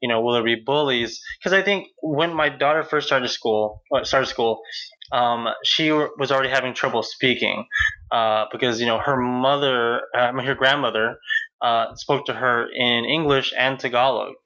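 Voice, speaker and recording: Bright-voiced chatty man, slightly dull sound. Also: medium pitch, moderate pace. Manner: rambling, many fillers and restarts. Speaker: podcast host. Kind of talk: casual chat.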